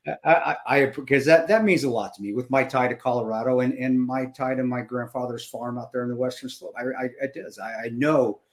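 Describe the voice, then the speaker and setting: Fifty something guy on a podcast, gets choked up, keeps restarting his sentences. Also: mid-range voice. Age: 50s. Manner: emotional, halting, many restarts. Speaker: podcast co-host. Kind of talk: casual podcast chat.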